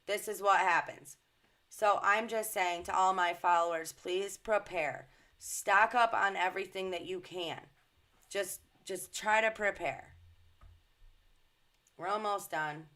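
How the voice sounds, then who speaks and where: A woman who comments on social media rants casually to her followers, indignant and emphatic, swearing freely. Her mid-range voice is slow, pushed, and bright.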